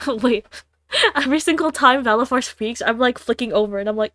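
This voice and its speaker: A woman's voice: fairly high pitch, normal speed, a bit bright, no echo, studio quality. Giggly, congested young woman streamer. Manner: giggly, chatty asides between read lines. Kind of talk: game stream, reading the story aloud.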